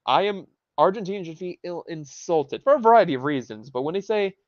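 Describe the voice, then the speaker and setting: A man's voice: high voice, animated, fairly quick, dry recording. A young man hosting a livestream, ranting with heavy swearing and rambling restarts, and dropping Spanish phrases into his talk. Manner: profane, rambling, heated. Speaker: livestream host. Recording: dull lo-fi home mic.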